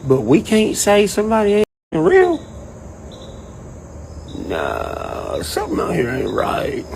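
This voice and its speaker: A man ranting casually and profanely, rambling and animated. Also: sits high, slow, vocal fry, a little hiss or hum, rough recording. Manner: profane, rambling, animated, quotes people in mock voices. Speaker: online commentator. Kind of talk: casual rant to camera.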